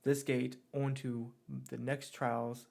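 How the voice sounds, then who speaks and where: Man doing a gruff-mannered fantasy leader; commanding, mid-pitched. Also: flat delivery, slow, a little mellow. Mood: blunt. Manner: blunt and commanding, curses casually. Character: brusque male adventurer leading old comrades.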